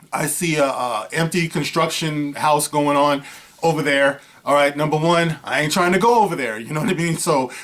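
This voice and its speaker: A man gives a casual, seated commentary to his viewers in a voice that sits somewhat high for a man. He talks loosely and conversationally, leans on "you know," and slips into acted-out bits of a scene as he goes. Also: moderate pace, a bit bright. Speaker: vlogger. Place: seated indoors.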